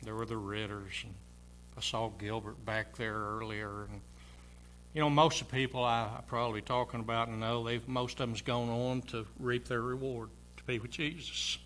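Bright-voiced older man preaching, folksy. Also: mid-range voice, fairly even intonation, normal speed, a little hiss or hum. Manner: folksy, personal storytelling with chuckles. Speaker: pastor. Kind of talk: sermon. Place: church sanctuary.

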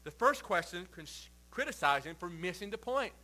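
A male pastor preaching a sermon, reading scripture aloud and then explaining it with swings between quiet and forceful emphasis. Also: high-pitched, expressive, normal speed, low-quality recording. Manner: reads scripture then preaches with shifting loud and soft emphasis.

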